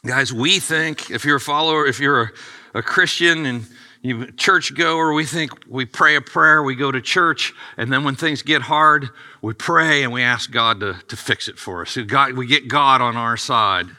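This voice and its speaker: A middle-aged male pastor preaching a sermon, animated and acting out the dialogue with rising excitement. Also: mid-range voice, normal speed.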